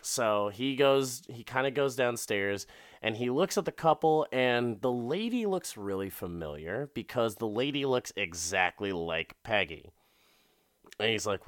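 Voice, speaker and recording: Guy rambling through a crude movie recap, slow, bright clear voice, dry sound. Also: medium pitch, animated, no echo. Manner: profane, rambling storytelling with many fillers.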